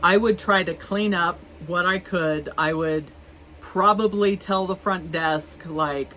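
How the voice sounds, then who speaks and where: Lady in her 50s rambling through a work story, lower voice, unhurried, faint hum behind. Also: bright, forceful tone, poor audio. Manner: chatty and rambling, with many fillers and restarts. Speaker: vlogger. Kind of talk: casual storytelling to camera.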